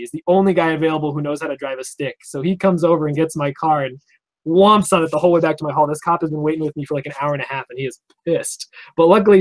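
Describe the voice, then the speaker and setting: A young man from Vermont talking fast as he tells his stories, his voice sitting a touch high. He rambles and slips into the voices of the officers he quotes. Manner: rambling, animated, acts out quoted cops. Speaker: interview guest. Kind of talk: casual storytelling.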